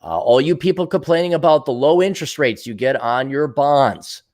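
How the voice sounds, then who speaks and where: A man's voice: mid-range voice, normal speed, a little mellow. A man hosting his own show, talking bluntly and profanely in a casual monologue and acting out the voices of people he quotes. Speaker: podcast host answering viewer comments.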